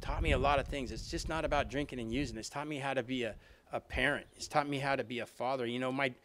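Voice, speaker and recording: Fast-talking man sharing his recovery story. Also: medium pitch, fairly even intonation, fairly bright tone, a little hiss or hum. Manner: conversational storytelling, frequent "you know what I mean", restarts. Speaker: alumni reunion speaker. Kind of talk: personal recovery story told to an audience.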